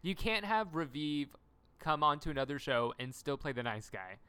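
A woman co-hosting a podcast, chatting casually about a TV episode and acting out lines in quick impressions. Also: sits low, clear, resonant tone. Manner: animated, acts out character lines in quick impressions. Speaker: podcast co-host. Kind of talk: casual chat recapping a TV episode.

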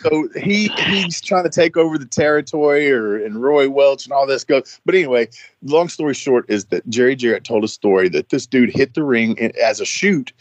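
A man's voice: mid-range voice, lively intonation, normal speed. Rambling man telling a story. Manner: rambling storyteller with many restarts. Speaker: podcast host. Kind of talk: casual chat.

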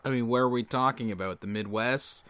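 A man's voice: medium pitch, brisk, a bit bright, smooth. A Canadian man co-hosting a casual podcast, joking, laughing and giving firm opinions. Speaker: podcast co-host. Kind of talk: casual chat.

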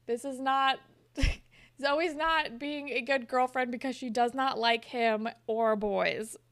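Young woman, casual chat, animated retelling, slightly high voice. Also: slow pace, dry recording. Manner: animated retelling, acts out characters' lines. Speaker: podcast co-host recapping a TV episode.

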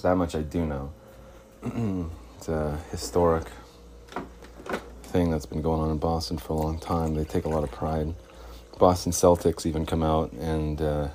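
A man's voice: deep voice, warm tone. A man hosting a solo podcast, talking in a meandering way with chuckling, self-mocking asides. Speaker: podcast host. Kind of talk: rambling solo podcast monologue.

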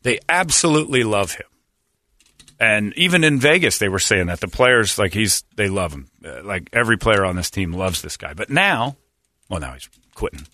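A middle-aged radio host, a man with a lowish voice, rambles through blunt, sarcastic banter. The sound is dry and close, with no room around him. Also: big pitch swings, moderate pace, bright, forceful tone, dry recording. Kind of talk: casual talk radio banter.

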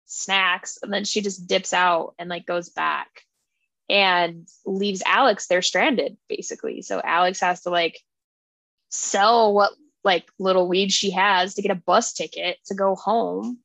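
A woman's voice: medium pitch, steady tone, measured pace, vocal fry, a bit bright, no room sound, low-quality recording. A woman hosting a book club podcast, casually retelling a plot in a rambling, filler-heavy way.

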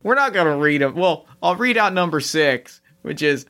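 Male game master, slightly high voice, relaxed, joking. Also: moderate pace. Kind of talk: casual tabletop game chat.

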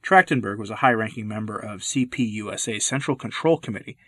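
A man delivering scripted commentary narration in a measured, deliberate way. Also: fairly low pitch, a bit bright, no room sound, studio quality.

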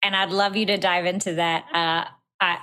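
A woman's voice: fairly low pitch, little pitch movement, moderate pace, bright, forceful tone. A woman hosting a podcast, speaking openly and personally, with hesitant restarts. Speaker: podcast host. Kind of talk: casual podcast chat.

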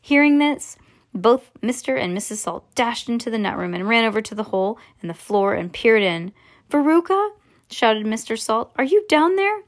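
A woman reading a children's book aloud to a child, expressive with small slips and self-corrections. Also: mid-range voice, normal speed.

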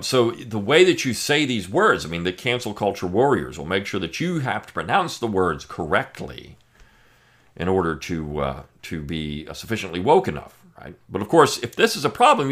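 Man, low register, animated delivery; sarcastic opinion commentary for a podcast. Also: brisk. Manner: emphatic, sarcastic, with frequent fillers. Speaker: podcast host.

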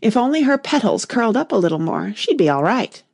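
A woman's voice: a little high, big pitch swings, a little fast, gravelly, a little mellow, slightly rough, no echo, clean studio sound, voice pushed up, full character voice. A woman reading aloud and voicing a proud, bossy talking tiger lily flower with a haughty, commanding manner.

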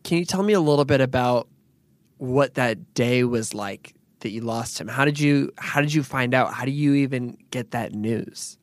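Gentle interviewer, dry close sound. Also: medium pitch, moderate pace, dry recording. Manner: brief, affirming responses and gentle questions. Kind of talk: interview questions and responses.

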